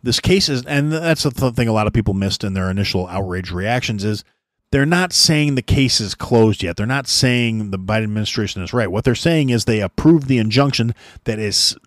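A man's voice: fairly low pitch, animated, a little fast, a bit bright, no echo, clean studio sound. A man hosting a podcast, ranting bluntly about politics with heavy swearing and lots of restarts. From United States. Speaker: podcast host. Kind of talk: profane political rant.

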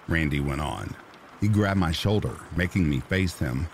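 Deep, unhurried male horror narrator, somber delivery, soft rain underneath. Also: lively intonation, slight background noise. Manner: slow, somber storytelling. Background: rain sounds.

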